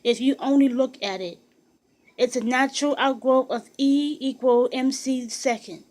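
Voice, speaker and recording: An earnest young inventor, read by a woman, pleading his case in an insistent, slowed tone. The pitch sits fairly high, in an audiobook reading. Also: darkish tone.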